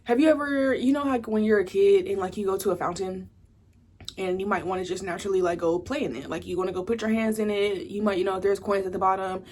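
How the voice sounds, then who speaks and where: A woman's voice: medium pitch, fairly even intonation, fast, darkish tone, a little hiss or hum. A young woman from the States, giving a casual pick-a-card tarot reading in a chatty, rambling way full of "like" and "you know". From Southern United States. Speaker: tarot reader.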